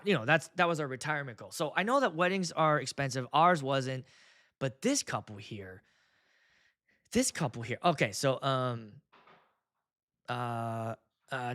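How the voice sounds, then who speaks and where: A man's voice: a little high, sharp tone. A man in his thirties, a wedding DJ, talking in a blunt, profane, casual monologue. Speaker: wedding DJ and video host.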